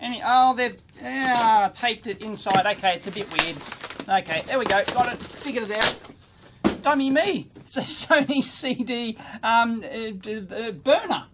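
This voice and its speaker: A middle-aged man with an Australian accent, hosting a casual unboxing video from his electronics lab in an excitable, rambling way full of exclamations and slang. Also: extremely high pitch, unhurried, background noise. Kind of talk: casual unboxing and teardown commentary.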